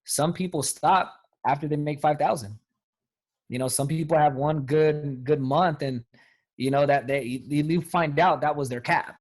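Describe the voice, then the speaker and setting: A man's voice: a little high, moderate pace. A man coaching his sales team on a call, talking emphatically in casual slang. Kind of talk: motivational talk on a team call.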